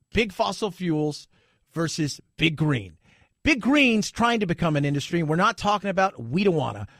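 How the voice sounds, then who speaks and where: A man hosting a talk radio show, his voice pitched high and swinging widely as he argues. He is sarcastic and animated, recorded dry on a studio mic with no room sound. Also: dry recording. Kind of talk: opinionated talk radio monologue.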